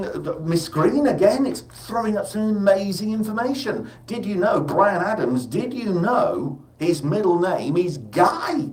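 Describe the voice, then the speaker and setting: A man's voice: a little high, a little mellow, roomy sound, far from the mic, low-quality recording. A man hosting a live breakfast radio show, rambling and jokey in a casual, chatty way.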